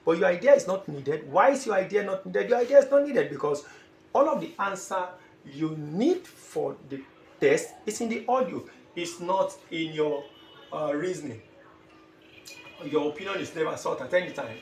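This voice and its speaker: In an echoey room with faint background noise, a male IELTS teacher gives a classroom-style exam-prep lesson. His voice sits high and is expressive and a little mellow, at a moderate pace. He speaks emphatically, repeats phrases, and sometimes acts out short dialogues.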